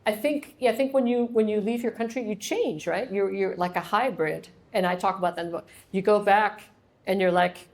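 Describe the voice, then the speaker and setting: A middle-aged woman from Ohio, USA, speaks fairly quickly at medium pitch with a slightly mellow tone, and there is slight background noise. She is an author at her book launch, answering questions in a casual Q&A, laughing and acting out little dialogues.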